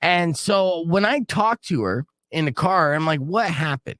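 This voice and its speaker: A middle-aged man from Arizona tells a story on a radio show, casual and animated, acting out the voices of the people in it. His pitch sits a bit high and swings widely. The studio sound is dry and close. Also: measured pace, no room sound.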